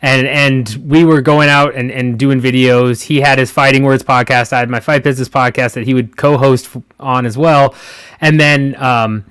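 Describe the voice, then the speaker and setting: A man's voice: mid-range voice, fairly even intonation, moderate pace, fairly bright tone, clear, resonant tone, dry recording. An American man as a podcast guest, candidly explaining his path in a self-deprecating way. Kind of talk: casual chat.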